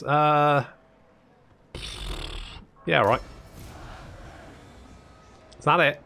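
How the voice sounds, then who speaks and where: A man's voice: mid-range voice, very animated, a little slow, pauses often, a bit bright. A man giving casual, sarcastic let's-play commentary, thinking aloud and swearing freely. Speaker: gaming channel host.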